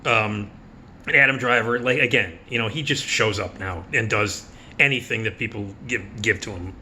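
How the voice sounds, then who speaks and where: A man's voice: fairly low pitch, sharp tone, slight background noise. A man giving a casual preview of upcoming movies as a critic, blunt and profane, with sarcastic asides. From United States. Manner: does quick mocking impressions. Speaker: film critic.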